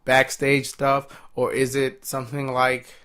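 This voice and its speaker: A young man talks through a wrestling episode in a loose, casual recap. He is chatty and amused, and now and then he jumps into a high, excited impression of the wrestlers. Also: measured pace, clear, resonant tone.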